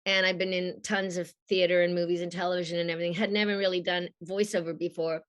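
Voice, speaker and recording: Husky mid-Atlantic woman on a video call. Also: fairly low pitch, quick pace. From Australia. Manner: animated storyteller, laughs often. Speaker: guest voice actress. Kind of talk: casual interview.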